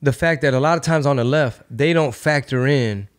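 A man hosting a casual podcast, talking loosely and profanely and riffing through bits with quick mock voices. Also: medium pitch. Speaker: podcast host and comedian.

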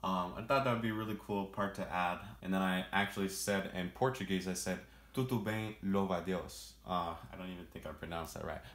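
A man's voice: deep voice, fast talker, hardly any pauses, roomy sound. A man casually explaining how he produced his song, rambling with lots of fillers. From family roots in Jamaica and Brazil. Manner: relaxed, rambling with many fillers. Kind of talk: casual walkthrough.

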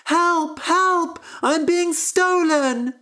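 Woman doing a shrill, panicky magic harp. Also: animated, slow pace, fairly bright tone, full character voice. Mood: panicked. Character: frightened, indignant magic talking harp with a girl's face.

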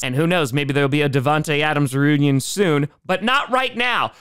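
A young man talks through weekly football predictions in a comedic monologue. His voice sits high and sounds smooth and clear, and he keeps it animated, dropping into low mutters for his jokes. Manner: animated and wisecracking, jumping between highs and lows. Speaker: comedic sports commentator.

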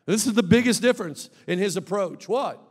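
A man preaching an emphatic, animated sermon as a pastor, with bursts of shouting. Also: high-pitched, brisk. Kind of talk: lively sermon. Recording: long reverb of a large hall.

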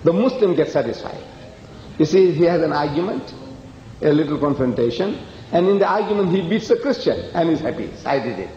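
A man's voice: a little high, lively intonation, brisk, warm tone. A man giving a public lecture, telling stories with emphasis and acting out the dialogue. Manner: emphatic storyteller, acts out dialogue. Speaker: lecturer on comparative religion. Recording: echoey hall, dull old recording.

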